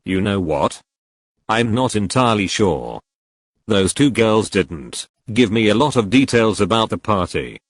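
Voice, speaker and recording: A man reading the lines of a calm, easygoing teenage boy in a fan story, explaining things. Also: on the low side, unhurried, dry recording.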